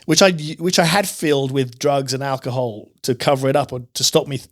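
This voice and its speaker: A man as a podcast guest, sharing his personal testimony in an earnest, animated storytelling manner. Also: mid-range voice, brisk. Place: podcast studio.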